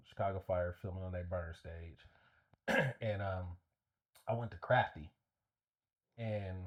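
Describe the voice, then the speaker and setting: A man guest on a podcast, telling a story in a rambling, profane way with lots of fillers. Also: low-pitched. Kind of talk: casual storytelling.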